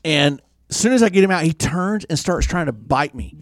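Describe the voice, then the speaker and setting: A man, a podcast co-host, telling a story in casual chat, getting animated and swearing freely. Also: a little high, moderate pace.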